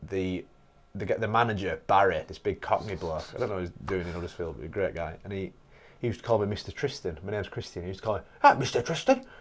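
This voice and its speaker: Low-voiced man, laughing banter. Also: fast talker. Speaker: podcast guest, fitness coach. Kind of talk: casual chat.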